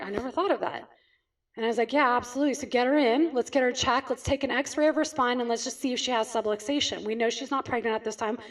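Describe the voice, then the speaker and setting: A woman from California with a high voice, speaking as a chiropractor to a group. She tells stories and asks questions she then answers, checking in often with "right?". She is heard from some distance off the mic. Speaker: chiropractor giving a talk. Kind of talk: storytelling talk to an audience.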